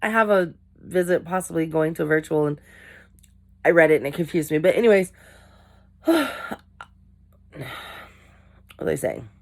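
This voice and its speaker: A woman's voice: sits low, expressive, a little slow, vocal fry, pauses often. A young adult woman talking to her camera in a candid, rambling, self-deprecating way. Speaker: vlogger. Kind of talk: casual talk to camera.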